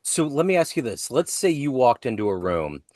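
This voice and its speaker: A man's voice: mid-range voice, big pitch swings, moderate pace, a little mellow, no echo, clean studio sound. A man hosting an interview who asks long, playful questions in a casual way. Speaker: interview host.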